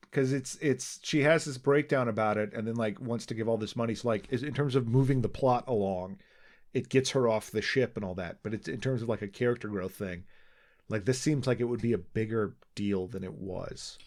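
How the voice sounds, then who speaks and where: Podcast guy rambling, lots of ums and restarts, mid-pitched voice. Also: a little fast. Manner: rambling, restarts, many fillers. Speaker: podcast co-host. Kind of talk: casual chat.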